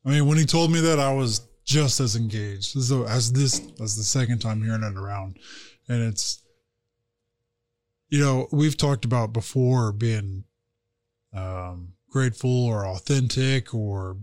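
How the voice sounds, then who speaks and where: A man's voice: mid-range voice, a little slow, a little mellow, dry recording. A man hosting a podcast, enthusiastic and reflective in casual chat. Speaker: podcast host.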